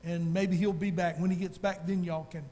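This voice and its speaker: A man voicing a sarcastic male prophet who mocks his rivals and taunts them louder and louder. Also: sits high, level tone, normal speed, in a large hall, natural voice. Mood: mocking. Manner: mocking, rising to loud jeering.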